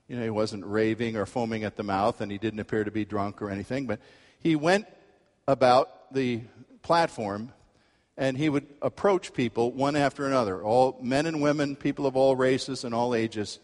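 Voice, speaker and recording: A male pastor preaching a sermon, telling a story with lively acted-out quotes. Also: medium pitch, normal speed, long reverb tail. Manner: animated storytelling, acts out quoted voices.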